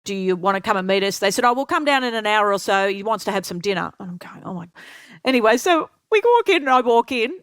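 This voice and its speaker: Older woman telling lively stories. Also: mid-range voice, fast, smooth, dry recording. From Australia. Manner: lively anecdotes, acts out quoted voices. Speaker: interview guest. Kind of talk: storytelling interview.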